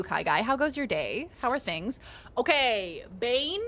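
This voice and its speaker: Bright-voiced woman streamer chatting playfully. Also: mid-range voice, animated, unhurried. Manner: playful, swears, reads card text aloud, chats with viewers. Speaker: game streamer. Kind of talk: casual live-stream chatter while playing.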